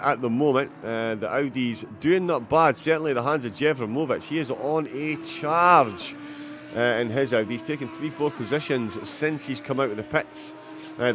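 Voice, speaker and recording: Live commentary on a sim race comes from a Scottish-accented man with a medium-pitched voice. He uses many fillers and breaks into bursts of excitement whenever incidents happen.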